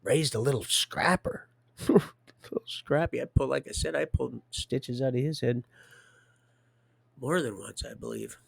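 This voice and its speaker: Middle-aged man, gravel in the voice, close dry mic; rambling live-stream storyteller, folksy, restarts a lot. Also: medium pitch, measured pace, pauses often, dry recording. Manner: meandering, folksy, trails off and restarts, chuckles to himself. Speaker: livestreamer telling his life story.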